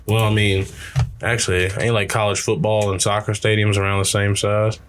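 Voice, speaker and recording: A man's voice: fairly low pitch, flat delivery, normal speed, a bit bright, a little hiss or hum. A young man co-hosting a podcast, chatting casually, crude and joking with frequent laughter. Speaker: podcast co-host. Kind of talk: casual chat.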